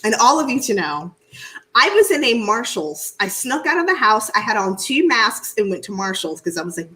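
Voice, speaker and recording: A woman co-hosting a relaxed live stream from a video call. Her pitch swings widely as she tells stories, and she breaks into loud laughter. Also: brisk, low-quality recording. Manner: animated storytelling with loud laughs. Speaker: Reiki practitioner and co-host. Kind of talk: casual live-stream chat.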